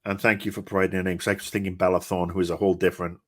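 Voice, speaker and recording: Brit in his fifties, lower register, dry close sound; rants bluntly and swears freely. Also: very fast, no room sound. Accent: British. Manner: blunt, profane, animated ranting. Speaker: podcast co-host. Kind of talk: casual chat.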